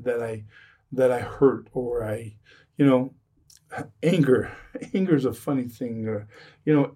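Earnest man, mellow husky voice. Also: medium pitch, recorded from a distance. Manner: earnest, repeats phrases, restarts sentences. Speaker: addiction recovery speaker. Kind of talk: earnest podcast conversation.

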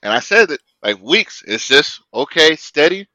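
A man co-hosting a podcast in casual debate chat, halting and repeating words as he makes his critique. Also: fairly high pitch, big pitch swings, sharp tone, no room sound, lo-fi sound. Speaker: podcast co-host.

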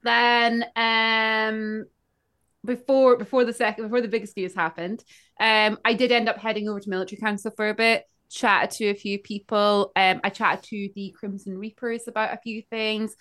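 A woman co-hosting a podcast, telling a story in an animated, casual way and acting out the people she quotes. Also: mid-range voice, moderate pace. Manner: animated, acts out quoted characters. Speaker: podcast co-host.

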